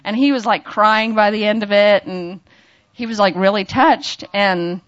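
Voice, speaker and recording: A woman's voice: mid-range voice, fairly even intonation, unhurried, no room sound, highs cut off. A young woman giving a personal testimony in church, chatty and self-mocking, laughing often and acting out her own lines. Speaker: church member sharing a testimony.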